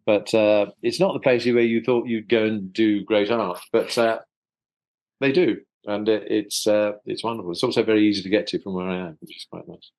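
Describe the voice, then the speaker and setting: A man from South London with a somewhat low voice talks as a guest in a relaxed interview. His speech is thoughtful and chatty, with frequent small restarts as he reaches for words. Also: normal speed, rough recording. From South London, England. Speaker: voice actor guest. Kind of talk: casual interview chat.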